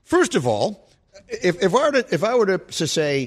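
Male sports radio host, higher voice, lively pitch, wry studio banter. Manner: animated, wry, speaks in lists with rhetorical pauses.

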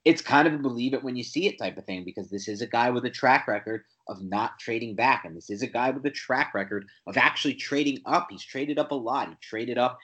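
A man co-hosting a sports podcast, talking football in an animated, opinionated way with quick restarts. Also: mid-range voice. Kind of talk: casual sports chat.

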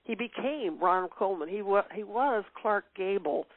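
A woman's voice: medium pitch, lively intonation, normal speed, no echo. Older woman, interview guest, reminiscing, laughing, tinny phone line. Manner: reminiscing, warm laughs, many fillers. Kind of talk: casual interview chat.

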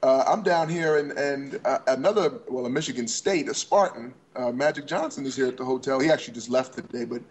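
A man with a mid-range voice talks a little fast, barely pausing, as he co-hosts a basketball podcast. The casual sports chat is upbeat, and he strings his thoughts into long run-ons.

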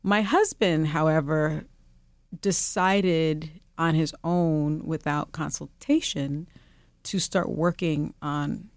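A woman chats as an interview guest, spinning an animated story with frequent laughter. Her voice sits a little low, and the sound is close and dry with no room echo. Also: slow. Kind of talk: casual interview chat.

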